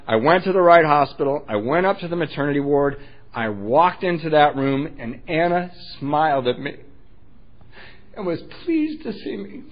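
A man's voice: fairly high pitch, expressive, moderate pace, muffled recording. A man candidly telling his own recovery story, self-deprecating and wryly funny. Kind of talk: personal storytelling talk.

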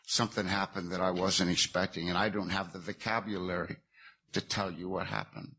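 A man's voice: sits low, little pitch movement, brisk, pushed and bright, slightly rough. A man giving a personal recovery testimony, earnest and plainspoken with folksy phrasing. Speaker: speaker sharing his recovery story.

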